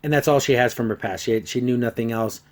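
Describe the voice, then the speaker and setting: A man hosting a podcast, reviewing a TV episode in casual talk, sarcastic and exasperated, with lively swings in pitch and loudness. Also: fast. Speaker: podcast host reviewing a show.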